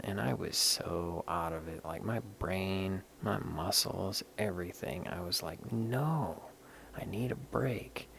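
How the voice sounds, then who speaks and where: A man's voice: fairly low pitch, creaky, a bit bright, a little hiss or hum. A man rambling candidly in casual live-stream chat while showing stones, swearing now and then. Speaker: livestream host showing stones.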